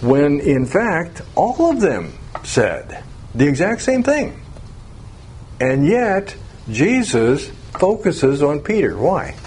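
Man, Bible class teacher, unhurried and conversational, faint room hiss. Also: a little high, huge pitch swings, darkish tone. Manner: conversational, asks the class questions, chuckles.

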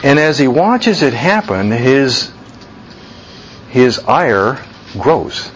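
A man preaching a sermon slowly and deliberately, jumping to a much higher pitch when he voices people's reactions. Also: sing-song, dull audio, a little hiss or hum. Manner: slow deliberate preaching, voice leaps high for quoted reactions. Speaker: pastor.

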